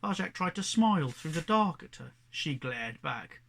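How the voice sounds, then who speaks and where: A man reading a children's novel aloud as narrator, measured and expressive. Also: fairly high pitch, vocal fry. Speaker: audiobook narrator. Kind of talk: storybook narration.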